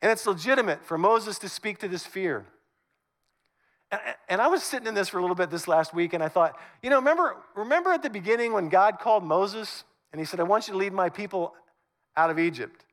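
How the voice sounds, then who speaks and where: A high-pitched man preaching to his congregation with animated, conversational energy. He swings between loud emphasis and hushed asides as he acts out the text. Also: fairly quick. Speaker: pastor. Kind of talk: sermon.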